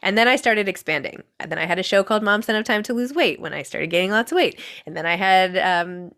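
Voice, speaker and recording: Middle-aged woman chatting on a podcast, giggly and self-deprecating, mid pitch. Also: animated, fast, fairly bright tone. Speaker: podcast host, guest. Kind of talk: casual interview chat.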